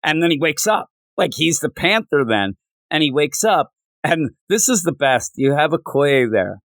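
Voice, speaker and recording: A man co-hosting a casual comics podcast, rambling as he retells scenes with quick paraphrased quotes. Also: fairly high pitch, big pitch swings, a bit bright, no echo. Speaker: podcast co-host reviewing comics. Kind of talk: casual chat.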